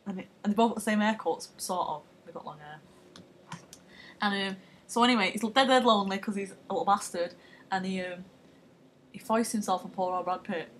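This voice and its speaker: A woman's voice: mid-range voice, a little fast, long pauses, slight background noise. A young woman, chatting casually and retelling a film plot in a rambling, sweary, giggly way. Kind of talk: casual comedic chat.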